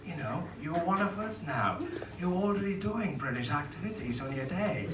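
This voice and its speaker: A man's voice: fairly high pitch, lively intonation, moderate pace, background noise, lightly acted. A man doing his easygoing British mate. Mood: reassuring. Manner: casual, reassuring. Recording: echoey live room from a distance, loud crowd.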